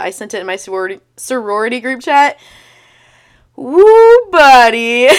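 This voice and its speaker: A woman's voice: mid-range voice, fairly bright tone. A young woman in her twenties hosting a casual storytime podcast, sarcastic and blunt, swearing freely as she reads old messages aloud. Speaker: podcast host.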